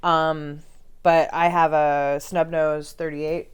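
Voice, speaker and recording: Low-voiced chatty woman, clear tone. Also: flat delivery. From grew up moving around as an army kid. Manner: chatty, quick asides, swears casually. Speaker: comedy club owner, podcast guest. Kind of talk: casual podcast chat.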